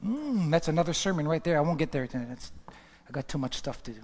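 A male preacher giving an impassioned sermon, swinging from hushed whispers to loud outbursts. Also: a little high, expressive, brisk, hardly any pauses, long reverb tail.

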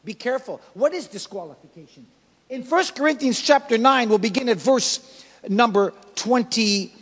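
A male pastor preaching a sermon, swinging from loud emphatic lines to quiet soft ones. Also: very high voice, animated, moderate pace, slightly rough, in a large hall. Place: church.

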